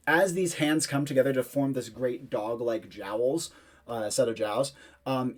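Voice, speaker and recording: A man's voice: medium pitch, darkish tone. Man narrating as game master. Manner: vivid, descriptive narration with casual fillers.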